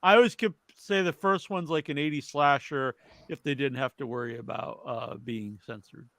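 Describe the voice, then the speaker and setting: A man's voice: mid-range voice, normal speed, fairly bright tone, dry recording. Man hosting a chatty wrestling podcast. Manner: reads trivia, then rambles with fillers. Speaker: podcast host. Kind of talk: casual wrestling chat.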